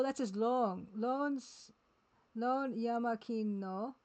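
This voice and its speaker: A woman streaming a game live, talking casually and haltingly as she sounds out words one by one. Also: on the high side, a little mellow, lo-fi sound.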